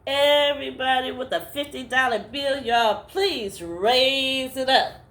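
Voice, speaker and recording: A showy male preacher stretches every word as he appeals to his flock for money, put on by a woman telling the story. The voice sits fairly high and moves in a slow, drawn-out way. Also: a bit bright, exaggerated voice. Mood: coaxing.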